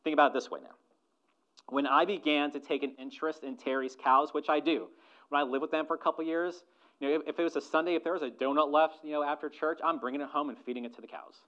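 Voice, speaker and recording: A male pastor preaches with a bright, fairly high voice, quieting down for asides and then rising to loud, emphatic stresses. He keeps putting rhetorical questions to his congregation. The recording sounds dull and lo-fi. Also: fast talker. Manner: animated preaching, swings between soft asides and loud emphatic lines. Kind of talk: sermon.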